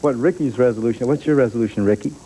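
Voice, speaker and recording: A quick-talking man hosts a children's TV show, chatting cheerfully with the kids in the studio and laughing easily. His voice is mellow and dark, and a faint hiss sits under it. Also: medium pitch, rough recording. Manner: cheerful, asks children questions, laughs often.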